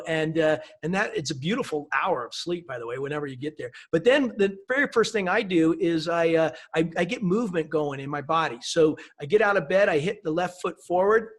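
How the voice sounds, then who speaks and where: A man talking as an interview guest in an upbeat, enthusiastic way, often ending his points with "right?" and "you know". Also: fairly high pitch. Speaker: guest speaker. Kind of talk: conversational interview.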